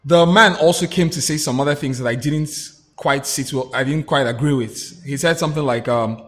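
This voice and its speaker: A man giving his views as a guest on a political talk show, opinionated and halting, with frequent restarts. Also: a little high. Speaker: guest commentator.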